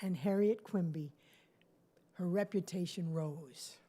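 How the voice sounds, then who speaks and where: Woman, storyteller, live cafe stage, chatty, animated, audience asides. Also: fairly low pitch, slow pace, slightly rough.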